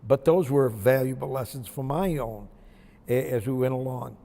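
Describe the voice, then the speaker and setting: A man's voice: mid-range voice, moderate pace, gravelly, mellow, long reverb tail. An older man from Maine, a retired basketball coach, telling folksy, reflective stories from his career in an interview. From Maine, USA. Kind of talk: interview storytelling.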